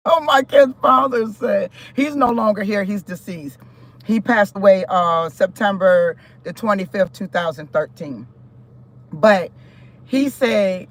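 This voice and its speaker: A middle-aged woman hosting a live stream, telling a personal story in a casual, animated way and breaking into preachy asides. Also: medium pitch, slow.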